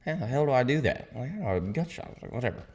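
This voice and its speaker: A man's voice: medium pitch, expressive, rapid-fire, darkish tone, big-room sound. A young man, telling a hunting story as a podcast guest, swearing freely and dropping into whispered asides. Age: young adult. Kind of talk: casual storytelling.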